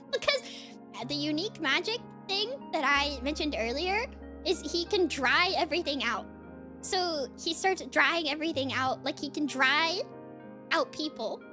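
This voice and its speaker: Woman streamer, high voice, excitable rambler, heavy on fillers. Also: measured pace, over music. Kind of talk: casual stream chat.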